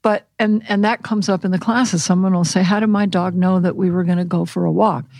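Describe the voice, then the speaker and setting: A woman animal communication counselor speaking calmly and gently instructing, in a podcast interview. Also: lowish voice, brisk, no room sound. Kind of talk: podcast interview, guided visualization.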